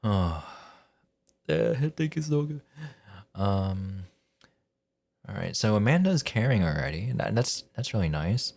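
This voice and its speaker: A man's voice: on the low side, very animated, unhurried, vocal fry, long pauses, darkish tone. A man live-streaming a story game, chatting casually and thinking aloud with hesitant restarts.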